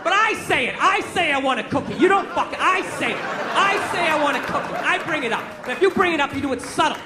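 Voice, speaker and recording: A man in his forties doing a loud, profane, exasperated stand-up rant on a theater stage. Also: very high-pitched, lively intonation, fast. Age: 40s. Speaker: stand-up comedian. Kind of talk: stand-up comedy set. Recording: live theater, laughing crowd, noise.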